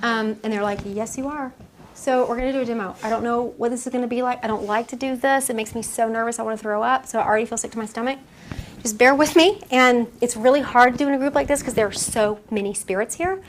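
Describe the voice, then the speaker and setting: A woman's voice: a little high, fast, a little hiss or hum. Chatty woman medium lecturing. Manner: chatty, acts out quoted dialogue, laughs often. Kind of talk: casual lecture to a live audience. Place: room with a small audience.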